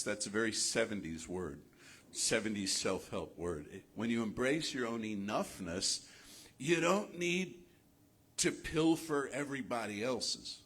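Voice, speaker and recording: A male minister giving a sermon in a spiritual center, asking his listeners rhetorical questions in a measured, reflective way. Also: mid-range voice, slightly rough.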